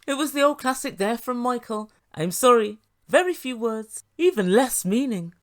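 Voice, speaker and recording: A woman's voice: on the high side, lively intonation, normal speed. A woman giving sarcastic commentary on a reality TV show as a reviewer. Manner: sarcastic, mimics the people she quotes.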